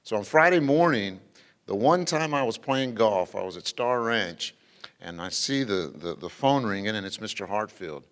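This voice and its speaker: A man's voice: on the low side, animated, normal speed, a bit bright, in a large hall. A middle-aged man, a former school superintendent, giving an informal dedication speech full of anecdotes, fillers and restarts. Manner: folksy, rambling, frequent fillers and restarts. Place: ceremony venue with an audience.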